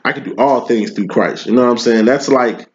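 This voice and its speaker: A man with a medium-pitched voice talks a little fast while giving an informal tarot reading. He preaches in slang and keeps checking in with "you know what I'm saying," and the audio is dull and lo-fi.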